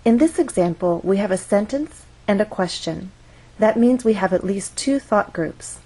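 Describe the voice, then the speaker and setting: A woman teaching English pronunciation, explaining intonation slowly and carefully and demonstrating patterns on example words. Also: medium pitch, animated, dark tone, rough recording. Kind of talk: slow, careful instructional explanation.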